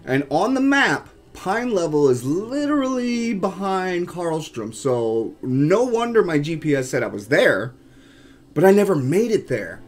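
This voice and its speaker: A man vlogging casually to camera about his urban exploring, chatty and animated, often calling out to his viewers. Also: a little high. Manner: animated, chatty, keeps addressing viewers as guys.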